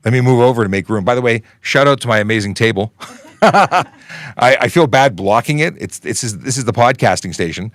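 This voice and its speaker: A man's voice: mid-range voice, fast talker, few pauses, fairly bright tone, no room sound. A man in his forties, a police constable hosting a casual livestream Q&A, talking in a chatty, rambling way with joking asides and restarts. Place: podcasting station in a studio.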